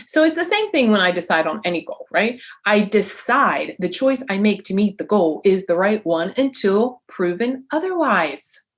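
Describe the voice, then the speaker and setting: A woman in her forties hosting a solo motivational podcast as a coach, talking in an animated, emphatic way with a lively inflection. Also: mid-range voice, normal speed, hardly any pauses.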